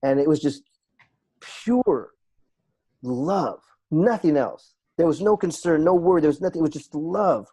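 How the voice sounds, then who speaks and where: Earnest guy on a podcast telling his story, warm mellow voice, keeps repeating lines to hit them home. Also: on the high side, lively intonation, unhurried, breathy edge. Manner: earnest, reflective, repeats phrases for emphasis. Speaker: podcast guest, life and business coach. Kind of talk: personal storytelling in a podcast interview.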